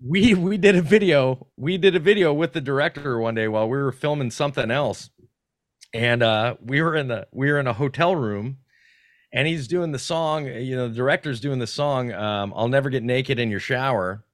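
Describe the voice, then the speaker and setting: A man guesting on a podcast, telling stories in a casual, animated, profane way with frequent restarts. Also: medium pitch, moderate pace, no echo, studio quality. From North Carolina. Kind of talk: casual storytelling.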